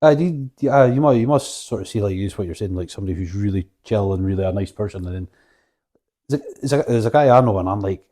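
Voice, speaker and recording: A man's voice: lowish voice, fast, dark tone. A man in his thirties hosting a casual chat, rambling with many restarts and laughing easily. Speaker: podcast host.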